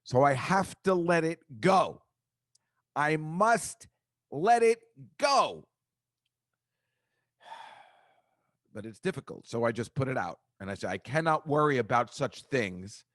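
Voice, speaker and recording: A man's voice: animated, a little slow, no room sound, studio quality. A man hosting his own podcast, rambling in a casual, self-deprecating comic monologue. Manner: rambling, self-deprecating, shifts pitch a lot. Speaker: podcast host.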